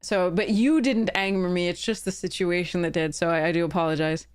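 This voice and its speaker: A woman's voice: fairly low pitch, steady tone, a little fast, smooth. A woman game streamer chatting live with her viewers, earnest and heated, often stopping to apologize.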